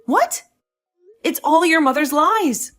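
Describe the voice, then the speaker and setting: A woman's voice: high-pitched, lively intonation, slow, a bit bright, faint music behind, full character voice. A woman voicing a young wife who defends herself, defiant and sarcastic toward her husband, in a voiced drama story. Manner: indignant, sarcastic.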